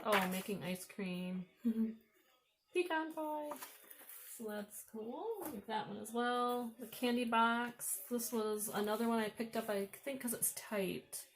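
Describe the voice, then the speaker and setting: A woman's voice: fairly high pitch, little pitch movement, a little slow, a little hiss or hum. A woman with an Upper Midwest American accent, chatting casually as she shows off vintage books she found at thrift stores and admires the pictures while thinking aloud. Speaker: vlogger showing thrift finds. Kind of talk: casual show-and-tell.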